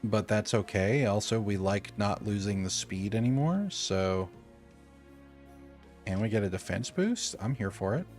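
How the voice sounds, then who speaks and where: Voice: sits low, a little slow, a little mellow, faint music behind. A streamer playing a video game, chatting and joking while reading the game's text aloud.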